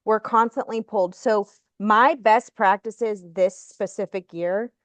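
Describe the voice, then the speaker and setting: A woman speaking as a guest on a video call, in a mid-range voice. She talks earnestly and in a measured way. The sound is dry and close. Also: mid-range voice, fairly even intonation, dry recording. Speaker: guest insurance agent. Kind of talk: casual chat.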